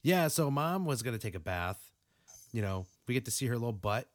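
A young man co-hosting a casual movie review podcast, profane and animated, with a stuffy nose. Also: fairly quick, no room sound, clean studio sound. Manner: animated, profane, acts out quotes in high voices. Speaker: podcast co-host.

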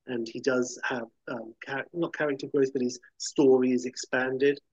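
A man's voice: medium pitch, steady tone, moderate pace, breathy edge, no room sound. A man chatting enthusiastically about films, rambling and acting out quotes. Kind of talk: casual chat about films. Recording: dull lo-fi sound.

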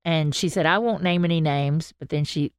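A woman chats away on her podcast, spinning a long tale and slipping into the voices of the people in it. Her voice sits very low, and the recording is close and dry with no room sound. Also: normal speed, clear, resonant tone, no echo. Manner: chatty storyteller, animated quoting. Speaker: podcast co-host. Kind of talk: casual chat.

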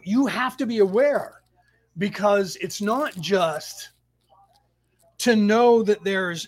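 A man hosting a spiritual study class on a live stream, telling stories in a rambling way with sudden loud outbursts, talking into a home computer mic. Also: sits high. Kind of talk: casual live-stream storytelling. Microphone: home computer mic over weak Wi-Fi.

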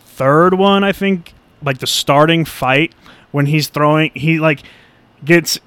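A man's voice: fairly high pitch, slow pace, a bit bright, smooth. A man co-hosting a podcast, talking casually about a film in a laid-back, profane way and acting out characters' lines. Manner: laid-back, swearing, acts out quoted lines. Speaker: podcast co-host. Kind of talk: casual movie discussion.

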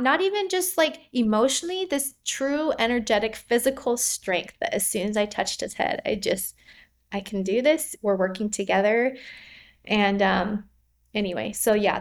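A woman in her thirties recounting her birth story in a casual, rambling way, with many fillers and frequent laughs. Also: medium pitch. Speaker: podcast guest. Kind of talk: personal story, casual interview.

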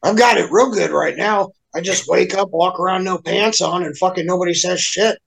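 A man's voice: high voice, normal speed, creaky, fairly bright tone. A man in a casual chat, ranting in an exasperated, heavily profane way. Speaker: guest.

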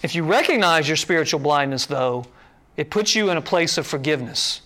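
A man preaching a sermon to a room, lively and conversational, acting out quoted voices as he explains scripture. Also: a little high, brisk. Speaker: pastor.

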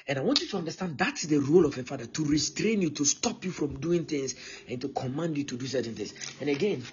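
A man's voice: fairly high pitch, animated, fast, lo-fi sound, a little hiss or hum. A man, preaching a live-streamed teaching sermon in an emphatic, repetitive way and often checking in with his listeners. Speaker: pastor.

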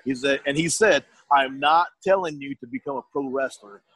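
A man's voice: mid-range voice, moderate pace, a bit bright, low-quality recording. A middle-aged man telling his story in a casual, rambling way, often restarting his sentences and quoting others.

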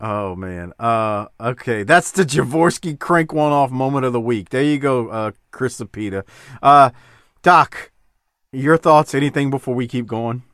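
A man's voice: medium pitch, unhurried, fairly bright tone, dry recording, studio quality. A man hosting a casual chat over wrestling footage, breaking into laughing fits, swearing and apologizing. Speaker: podcast host.

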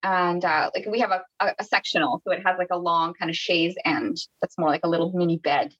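A woman's voice: fairly low pitch, fairly even intonation, brisk, fairly bright tone, breathy edge, muffled recording. A woman from Canada, a podcast guest telling a personal story in a casual, chatty way, with many restarts and quoted dialogue.

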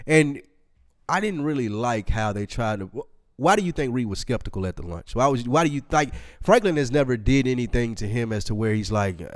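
A man's voice: medium pitch, animated, fairly quick, no room sound, studio quality. A man co-hosting a casual show recap, laid-back and slangy, retelling scenes with quoted lines. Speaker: podcast co-host.

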